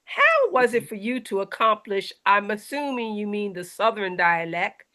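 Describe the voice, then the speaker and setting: A woman from South Carolina moderating a video-call discussion, brisk and organizing, with joking asides. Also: mid-range voice, big pitch swings, bright, forceful tone. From South Carolina, USA. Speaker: host and moderator.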